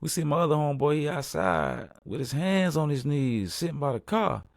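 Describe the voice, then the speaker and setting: A man's voice: normal speed, creaky, no room sound, studio quality. A young man hosting a podcast, telling a story in a laid-back, casual way and saying "man" often. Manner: laid-back, says "man" constantly, gets loud and high when acting out the story. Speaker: podcast host.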